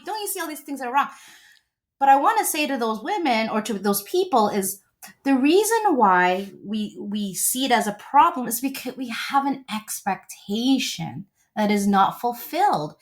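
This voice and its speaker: A woman in her forties, a relationship coach, talking as an interview guest in a gushing, animated storytelling way. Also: a little high.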